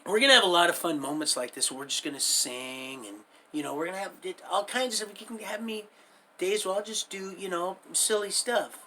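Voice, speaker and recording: A man's voice: high-pitched, a little fast, sharp tone, a little hiss or hum. A middle-aged man hosting a livestream, telling his life story in a rambling, folksy way and drifting into preaching at his viewers. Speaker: livestream host.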